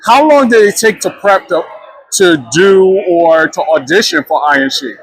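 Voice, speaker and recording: A man's voice: high-pitched, big pitch swings, normal speed, a bit bright, low-quality recording. A man interviewing a guest at a convention, enthusiastic and admiring. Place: pop culture convention.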